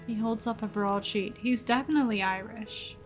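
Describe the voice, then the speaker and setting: A woman's voice: fairly high pitch, moderate pace, music in the background. Giggly young woman streaming a game. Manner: giggly, reads game text aloud and reacts. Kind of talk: casual gameplay commentary.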